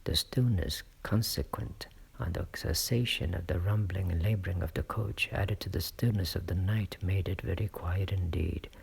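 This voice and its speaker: A man reading a classic novel aloud as a narrator, in a hushed storytelling manner. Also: sits low, moderate pace, vocal fry, breathy edge. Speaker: audiobook reader. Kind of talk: scripted narration.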